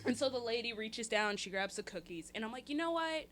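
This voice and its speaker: A young woman appears as a podcast guest, casually recounting a funny story and laughing as she goes. Her voice is fairly high and a bit quick, she animatedly acts out quotes by shifting voices, and there's slight background noise.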